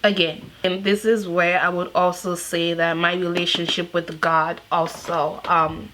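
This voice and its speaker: A woman's voice: fairly low pitch, flat delivery, a little slow, a bit bright, a little hiss or hum, rough recording. A young woman in her twenties from Nigeria, speaking candidly and emotionally in a personal vlog, with frequent fillers. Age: 20s. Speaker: vlogger.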